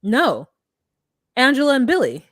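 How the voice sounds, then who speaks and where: A woman co-hosting a casual chat, recapping reality TV in an animated, profane way. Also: sits high, measured pace. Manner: animated, profane, mimics people in quotes. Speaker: podcast co-host recapping reality TV.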